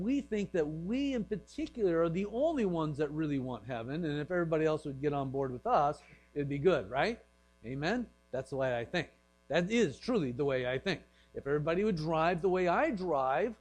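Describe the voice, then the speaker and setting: A man's voice: on the high side, animated, normal speed, poor audio. Man preaching a joking, casual sermon. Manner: joking, acts out voices in quiet asides. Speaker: pastor. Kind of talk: conversational sermon.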